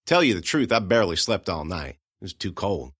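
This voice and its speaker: A man narrating a first-person audiobook in a folksy, conversational way, going hushed at grim moments. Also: low voice, very animated, brisk, no room sound, studio quality.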